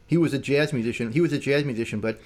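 A man's voice: medium pitch, rapid-fire, darkish tone. An older man, a musician, telling stories in casual talk, rambling and full of "man" and "you know". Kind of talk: casual storytelling.

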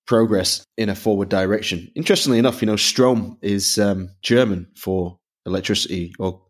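A man's voice: on the low side, fairly even intonation, moderate pace. A man hosting a podcast who is a native English speaker, chatty and upbeat, asking long leading questions. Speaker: podcast host. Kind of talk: casual podcast interview.

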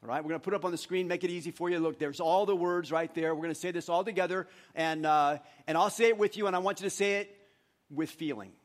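A pastor with a high voice preaches a conversational sermon in a church. He talks easily with the congregation and coaches them as they recite together. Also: fairly even intonation, quick pace. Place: church sanctuary.

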